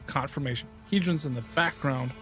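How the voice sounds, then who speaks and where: A man's voice: mid-range voice, a little fast, a bit bright, faint music behind. A man co-hosting a podcast in casual chat, joking and hesitant while he guesses. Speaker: podcast co-host.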